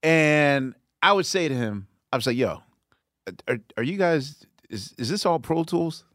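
A male podcast host in a slightly high voice, recorded dry and close. He talks with enthusiasm and reflection, wandering through long asides. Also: animated, measured pace, a bit bright, no room sound. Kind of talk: conversational interview.

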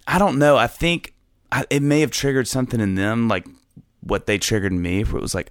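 A man's voice: medium pitch, fairly even intonation, fairly quick, dry recording. A middle-aged man chatting casually as an interview guest, rambling, restarting his sentences and often laughing. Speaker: podcast guest, musician.

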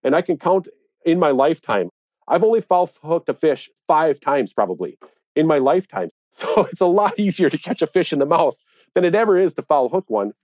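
A man's voice: fairly high pitch, very animated, a little fast, darkish tone, no room sound. Guy in an interview, fired up telling his side, dry close sound, bit muffled. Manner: earnest, indignant when recounting. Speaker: interviewee, angler. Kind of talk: conversational storytelling.

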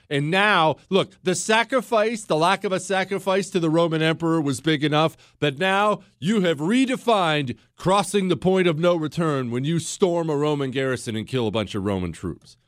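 A man with a medium-pitched voice hosts a history podcast, telling the story casually and conversationally. He speaks directly to the listener with asides, and the recording has studio quality with no room sound.

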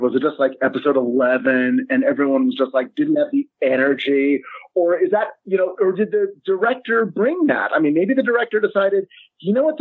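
A man in conversation as a guest writer, his voice a touch higher than most and slightly husky. He talks animatedly and stumbles into restarts. The sound comes through a thin, phone-like line with a dry, close feel. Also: no room sound. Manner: animated, restarts often and acts out quoted lines. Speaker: screenwriter guest. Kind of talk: casual podcast discussion. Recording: tinny phone-like remote line.

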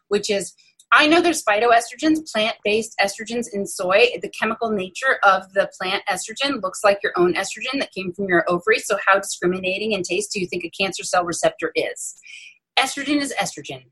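A middle-aged woman, a breast cancer surgeon, giving an animated guest explanation with playful, self-mocking asides. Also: medium pitch, breathy edge, rough recording. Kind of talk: animated explanatory interview talk.

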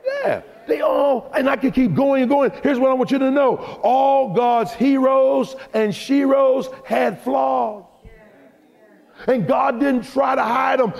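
A man preaching a sermon, building to shouted, rhythmic declarations. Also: very high voice, vocal fry. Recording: long hall reverb.

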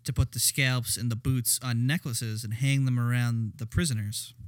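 A man's voice: mid-range voice, fairly even intonation, moderate pace, no room sound, studio quality. A man co-hosting a casual film podcast, joking and stumbling over his words. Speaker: podcast co-host. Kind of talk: casual chat.

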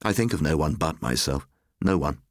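A cold, weary middle-aged father talks in a deep, measured and formal tone, his pitch still lively. A man voices him while reading the story aloud. The recording is dry and close. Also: no room sound.

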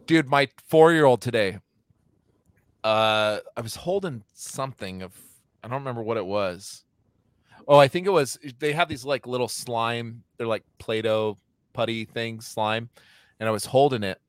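A man in his thirties in casual podcast chat, animated and laughing, swearing freely. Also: mid-range voice, moderate pace, smooth, no echo.

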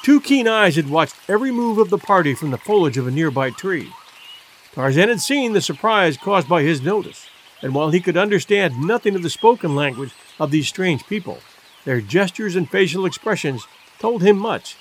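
A man narrating an adventure novel in a measured, expressive storytelling manner. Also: sits high, slight background noise. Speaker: audiobook narrator. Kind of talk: scripted narration.

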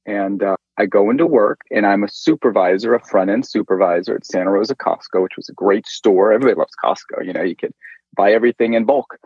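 A middle-aged man from Northern California, an interview guest telling a personal faith story in an animated way and acting out quoted lines. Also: fairly low pitch, fast talker, breathy edge, no room sound. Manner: animated storyteller who acts out quoted speech. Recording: dull lo-fi dry sound.

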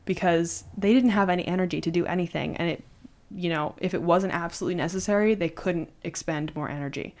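Lower-voiced woman telling a story. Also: brisk. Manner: conversational, animated retelling with fillers. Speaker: podcast host. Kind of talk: casual storytelling.

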